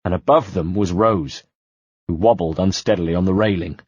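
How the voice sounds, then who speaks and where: Low husky male narrator. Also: moderate pace, darkish tone, no room sound. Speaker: audiobook narrator. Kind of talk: first-person audiobook narration. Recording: dull dry home-studio sound.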